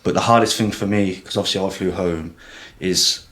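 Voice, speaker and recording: Low-voiced young Englishman, rambling. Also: steady tone, moderate pace, fairly bright tone. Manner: rambling, lots of "like" and swearing. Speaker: podcast guest. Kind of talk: emotional casual chat.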